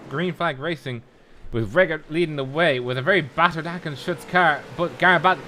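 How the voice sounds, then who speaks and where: A man delivers lap-by-lap play-by-play as co-commentator on a live sim race, slipping in dry jokes as he goes. His voice sits a little above average. It has a bright, crisp edge. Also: a little high, a little hiss or hum.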